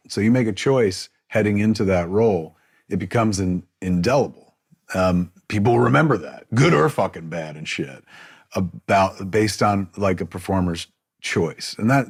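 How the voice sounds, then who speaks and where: A man's voice: low-pitched, slightly rough. A middle-aged man, a podcast guest, telling rambling, profane anecdotes in casual chat.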